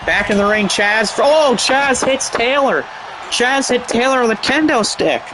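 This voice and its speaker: A man giving excited, rambling play-by-play commentary over a wrestling game, with chatty asides. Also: very high voice, measured pace, noisy background.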